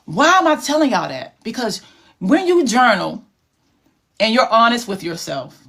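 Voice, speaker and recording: A woman's voice: fairly high pitch, very animated, normal speed, gravelly, a bit bright. A woman hosting a livestream, talking to her viewers in a casual, emotional, heartfelt way. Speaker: livestream host.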